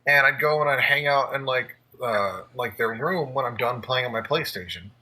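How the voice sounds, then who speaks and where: A man's voice: medium pitch, moderate pace, sharp tone, low-quality recording. A young man telling a story in casual chat, with lots of filler words and laughs along the way. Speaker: podcast co-host.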